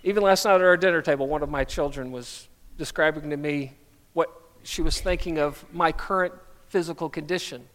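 A man's voice: fairly high pitch, fairly quick, a bit bright, big-room sound. A middle-aged male pastor preaching a sermon, telling stories with self-deprecating humor. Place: church sanctuary.

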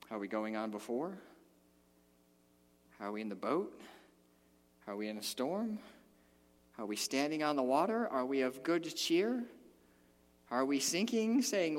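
A man preaching a sermon, animated and emphatic, swinging between loud rallying peaks and quiet asides. His voice sits a little high for a man. The sound carries a long reverb from a church sanctuary. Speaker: pastor.

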